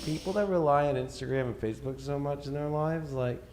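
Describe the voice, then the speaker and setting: A man hosting a tarot show from a studio, chatting excitably and rambling, laughing and swearing. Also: fairly high pitch, a little fast, a little hiss or hum. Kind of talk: casual chat with co-host.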